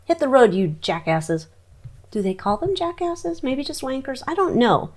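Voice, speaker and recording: A woman's voice: high-pitched, expressive, moderate pace. Chatty woman doing a tarot reading. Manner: chatty, exclamatory, talks to her cards. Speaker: tarot reader. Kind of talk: casual psychic tarot reading to camera.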